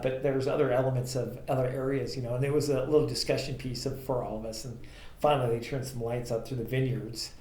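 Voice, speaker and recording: Speaking briskly in a steady, medium-pitched voice, a man co-hosting a podcast shares meandering anecdotes about his transportation company, heavy on fillers. It's a casual storytelling conversation, and the room is echoey with faint ambient noise.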